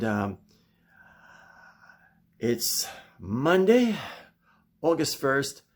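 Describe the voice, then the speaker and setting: A man's voice: mid-range voice, dry recording. A middle-aged man hosting his own casual outdoor vlog, rambling and frustrated, apologizing between rants. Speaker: channel host. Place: outdoors by his garden hedges.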